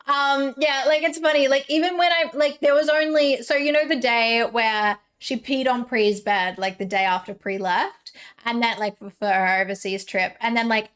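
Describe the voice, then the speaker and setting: A woman's voice: on the high side, fairly bright tone. A young woman, chatting casually with her live-stream chat, giggly and full of fillers.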